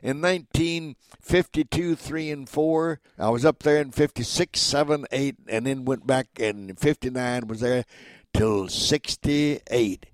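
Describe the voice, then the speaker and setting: A man in his nineties, a voice actor, telling stories in a folksy, animated way as an interview guest. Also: medium pitch, a little slow, no echo. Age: 90s. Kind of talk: casual interview storytelling.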